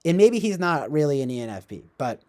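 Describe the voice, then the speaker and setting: A man's voice: fairly high pitch, very animated, brisk, a little mellow. Rambling young man, livestream host. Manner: rambling, heavy with fillers and self-corrections; chuckles often while talking. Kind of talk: casual rambling livestream talk.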